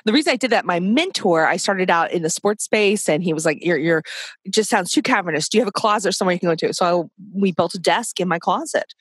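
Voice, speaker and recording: A woman's voice: on the low side, lively intonation, fast talker, breathy edge, dry recording. A woman guest in an interview, chatting casually and telling stories animatedly with frequent laughs, speaking from a clothes closet over a video call. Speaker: podcast guest, spa business founder.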